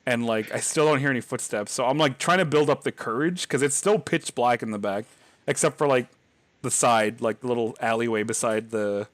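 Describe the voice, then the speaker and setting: A man's voice: medium pitch, a little fast, no room sound. A man hosting a podcast, telling a scary childhood story in a rambling, casual way, full of fillers and laughs. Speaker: podcast host.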